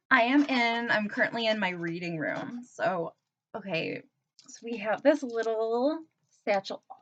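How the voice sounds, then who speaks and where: Young female vlogger, excitable and slangy, unhurried delivery, slightly muffled home recording. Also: mid-range voice. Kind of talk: casual unboxing chat. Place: her reading room at home.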